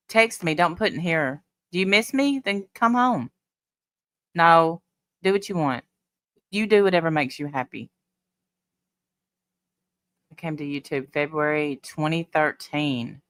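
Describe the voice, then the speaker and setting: A woman's voice: on the low side, a bit bright, no room sound. A woman hosting a casual livestream, chatting bluntly and talking back to her viewers' comments. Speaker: livestream host. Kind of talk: casual live chat reading comments.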